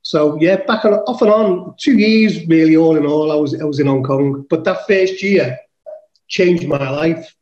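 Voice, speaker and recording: A man's voice: fairly high pitch, measured pace, darkish tone, echoey room, lo-fi sound. Man telling a rowdy, swear-filled story. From England. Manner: swears casually, acts out his own quotes. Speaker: podcast guest. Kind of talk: animated storytelling.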